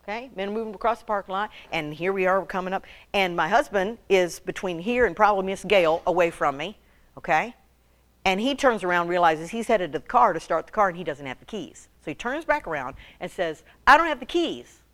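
A middle-aged woman speaking to a women's meeting, telling humorous stories in an animated way and often laughing as she talks. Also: lowish voice, fairly quick. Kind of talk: humorous storytelling talk.

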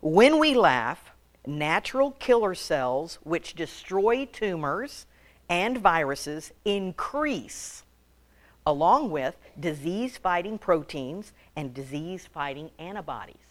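A woman's voice: fairly low pitch, very animated, slow pace. A woman giving a humorous sermon to a women's group, joking and calling on the audience for answers. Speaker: women's ministry speaker.

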